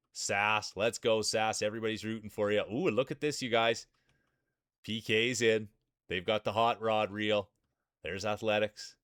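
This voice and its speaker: A man's voice: on the low side, a bit bright, no echo, clean studio sound. A man hosting a live stream, giving hyped, announcer-style play-by-play of marble races and greeting chat by name. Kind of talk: mock sports play-by-play commentary.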